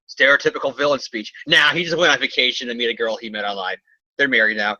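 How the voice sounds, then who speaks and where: A man talks through a comic book issue in a loose, jokey, rambling way. His voice is very bright and tense. The recording is dry and muffled, with a lo-fi dullness. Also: medium pitch, dry recording. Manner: rambling, jokey, does quick character voices. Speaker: comic book podcast co-host. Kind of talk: casual comic review chat. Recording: dull, dry lo-fi audio.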